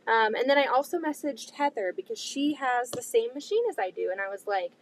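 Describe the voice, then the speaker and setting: A woman with a high voice tells a story to her camera in a loose, casual vlog style. She chats along with plenty of "um"s and "like"s and animated retellings. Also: fairly quick, few pauses. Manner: chatty, full of "um" and "like", animated retelling. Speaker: quilting vlogger.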